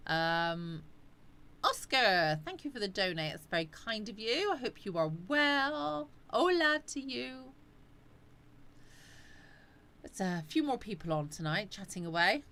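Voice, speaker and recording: A woman's voice: medium pitch, lively intonation, unhurried, pushed and bright. A woman hosting a casual live chat, rambling and answering viewers' comments. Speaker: live stream host.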